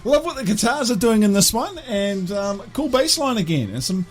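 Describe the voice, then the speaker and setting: A man's voice: sits high, sing-song, normal speed, faint music behind. A man with a New Zealand accent, co-hosting a casual album-review podcast in a laid-back way, often laughing and reading from his notes. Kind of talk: casual chat.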